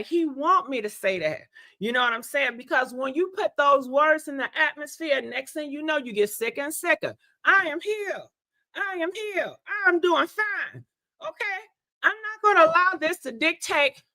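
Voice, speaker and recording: A woman talking casually to her livestream viewers, calling them y'all and honey and laughing a lot. Her voice sits high and bright, roughened by a congested throat from being sick. The sound is close and dry. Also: dry recording. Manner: chatty, animated, laughs often, addresses viewers as y'all and honey. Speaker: livestream host.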